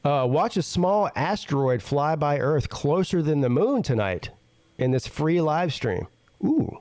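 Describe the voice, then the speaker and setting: A man reads news stories on his show and stops often to react with blunt, salty asides. His pitch swings up and down a lot, especially when something strikes him as ridiculous. The sound is dry and close, with no room echo. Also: expressive, unhurried, darkish tone. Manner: jumps high in pitch when incredulous. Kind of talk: casual news reading with commentary.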